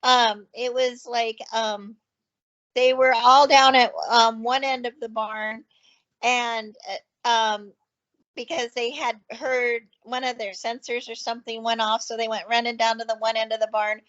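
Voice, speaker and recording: A woman who owns a ranch, chatting as a guest and telling stories in an excited, rambling way full of fillers. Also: fairly high pitch, unhurried. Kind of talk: casual chat. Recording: dull lo-fi call audio.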